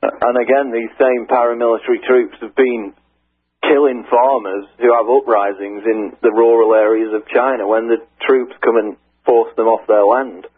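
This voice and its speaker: A man's voice: medium pitch, fairly even intonation, normal speed, breathy edge. A man calling in as a guest writer to a radio show, explaining earnestly and often restarting his sentences. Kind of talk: radio interview. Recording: tinny phone line.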